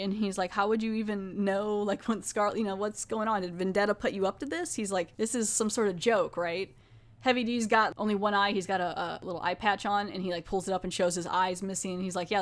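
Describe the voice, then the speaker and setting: Chatty woman recapping a TV episode. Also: medium pitch. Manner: chatty, animated retelling with quoted voices. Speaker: podcast host reviewing a TV episode.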